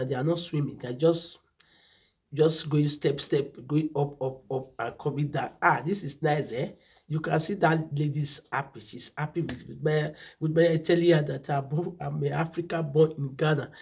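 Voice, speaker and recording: A woman's voice: low voice, a little mellow, husky. A woman hosting a reaction video, talking casually and effusively, often hunting for words. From Nigeria. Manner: effusive, repeats exclamations, searches for words.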